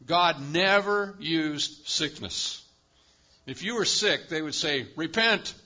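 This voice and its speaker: A male pastor preaching a sermon with emphatic delivery, swinging between loud, high-pitched bursts and quiet, low drops. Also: slow, muffled recording. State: lives with chronic pain.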